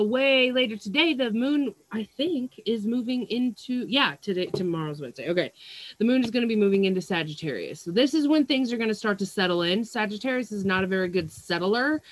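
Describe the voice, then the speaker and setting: A woman's voice: medium pitch, fairly quick, no echo. A young woman who works as a psychic medium, talking casually through an earphone mic in a small room at home, rambling and swearing often between fillers. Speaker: psychic medium and astrology vlogger. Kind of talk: casual livestream chat. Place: small stuffy room at home with fans running.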